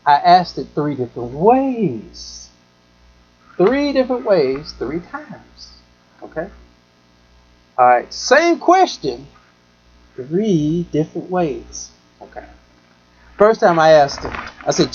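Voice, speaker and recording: A talk show host tells a story in a fairly high, lively voice, rambling and dotted with "you know". He slips into the voices of the people he talks about. The audio is dull and lo-fi, like a live web stream. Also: slow, pauses often. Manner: rambling, full of "you know", acts out the people in his stories. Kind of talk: casual storytelling monologue.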